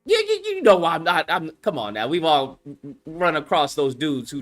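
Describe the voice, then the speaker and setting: Male commentator with a high, animated, profane delivery. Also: normal speed, soft background music. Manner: animated, profane, repeats himself. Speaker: online commentator. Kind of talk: casual commentary.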